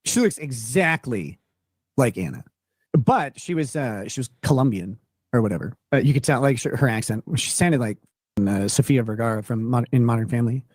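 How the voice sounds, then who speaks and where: A man's voice: medium pitch, lively intonation, a little mellow, breathy edge, dry recording. Minnesota guy rambling thru a story, lots of ums, dry sound. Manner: rambling, halting, lots of fillers. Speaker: streamer telling an anecdote. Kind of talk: casual storytelling.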